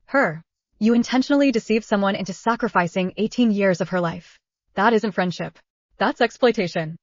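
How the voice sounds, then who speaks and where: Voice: mid-range voice, normal speed, dry recording, highs cut off, lightly acted. Woman doing a grave, stern detective. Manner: grave, matter-of-fact. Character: grave, businesslike police detective.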